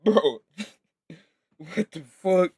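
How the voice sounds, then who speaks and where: A man reacting to a clip with slow, laughing comments and short exclamations. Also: high-pitched, expressive, a little mellow, husky, no echo, studio quality. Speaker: reaction video host.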